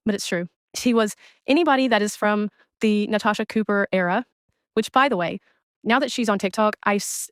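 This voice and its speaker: Woman, commentary creator; exasperated, blunt delivery; smooth voice, dry close recording. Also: medium pitch, no echo. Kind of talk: ranting commentary on another streamer.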